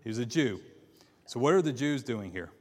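A man teaching a Bible class, reading scripture aloud in a halting way with many fillers and restarts, and asking his class questions. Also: medium pitch, animated. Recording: long reverb in a hall.

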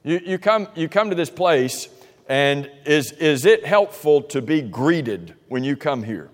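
A man's voice: fairly high pitch, sing-song, a little slow. Man preaching in a reverberant church. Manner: conversational, asks the congregation questions, many restarts. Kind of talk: sermon. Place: church sanctuary.

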